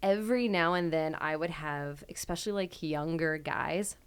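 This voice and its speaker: A woman guest on a casual podcast panel, talking in an animated way. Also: low-pitched, moderate pace, clear, resonant tone.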